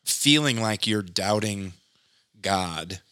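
A man interviewing a guest, asking a question haltingly while searching for words. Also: lowish voice, animated, bright, forceful tone, clear, resonant tone. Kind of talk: conversational questioning.

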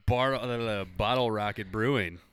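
A man's voice: lowish voice, measured pace, fairly bright tone, clear, resonant tone. A man co-hosting a casual beer-tasting podcast, rambling and restarting his sentences. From Nebraska, USA. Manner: hesitant, rambling with many restarts. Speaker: podcast co-host.

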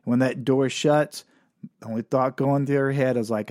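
A man's voice: mid-range voice, fairly even intonation, normal speed, a little mellow, dry recording. Male comic storyteller, casual and wry, dry close mic.

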